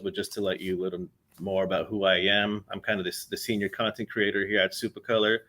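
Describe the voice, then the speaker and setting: A young man talking casually as a podcast guest, relaxed and rambling with many fillers. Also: lowish voice, fast, few pauses. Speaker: podcast guest, content creator. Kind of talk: casual interview talk.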